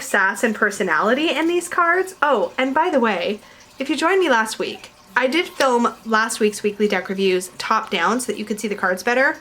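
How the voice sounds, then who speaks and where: A woman's voice: fairly high pitch, fairly bright tone, a little hiss or hum. A woman in casual chat to camera, reviewing tarot decks at home, chatty and giggly, rambling with fillers. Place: home room with her dog nearby.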